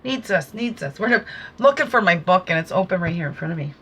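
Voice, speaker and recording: A woman's voice: fairly low pitch, lively intonation, brisk, noisy background. A woman talking through an oracle card reading, giving casual, earnest spiritual guidance with preachy asides.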